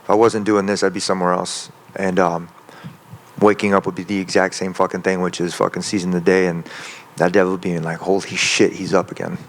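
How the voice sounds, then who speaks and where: A man's voice: sits low, level tone, fairly quick. A man, a professional fighter, answering interview questions in an intense, profane, rambling way. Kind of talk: media day interview answers.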